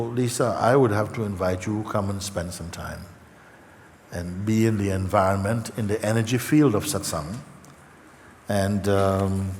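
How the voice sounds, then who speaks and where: A man giving a live spiritual talk to a gathering, speaking in an unhurried, halting way with many fillers and repeats, earnest and tender. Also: fairly low pitch, a little mellow. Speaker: spiritual teacher. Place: large meeting hall. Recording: long hall reverb, faint background noise.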